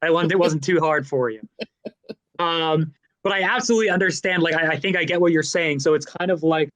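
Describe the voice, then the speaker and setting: A man's voice: fairly high pitch, fairly quick, a bit bright, dry recording. A young man co-hosting a casual chat, telling stories animatedly and acting out voices in his anecdotes. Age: young adult. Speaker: student co-host.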